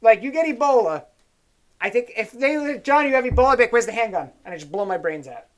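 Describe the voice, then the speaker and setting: A man hosting a casual political chat, tipsy on whiskey, rambling and swearing as he tells animated stories. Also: very high voice, fast. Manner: rambling, profane, animated storytelling. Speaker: show host.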